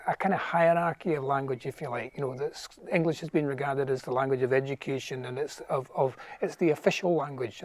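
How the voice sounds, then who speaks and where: A Scottish man reading a poem aloud in a measured, rhythmic way, then explaining his views thoughtfully as an interview guest. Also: medium pitch, darkish tone, dry recording. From Scotland. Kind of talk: poetry reading and conversational interview. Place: garden outdoors.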